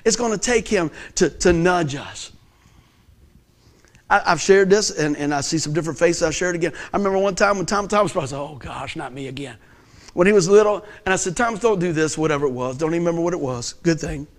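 A middle-aged man preaching a sermon, telling stories with animated swings between loud laughter and quiet earnest points. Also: fairly high pitch, fast. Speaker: pastor.

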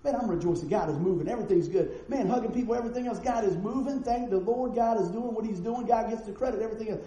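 A man preaches a storytelling sermon, acting out each character in his stories. His voice sits high but sounds warm and soft-edged. The church sanctuary gives it a roomy echo with faint noise underneath. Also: quick pace, dull audio. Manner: animated, acts out the people in his stories.

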